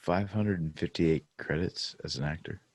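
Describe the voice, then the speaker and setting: A man's voice: deep voice, moderate pace, a little mellow, dry recording. A man co-hosting a movie podcast in casual chat, teasing and dry. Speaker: podcast co-host.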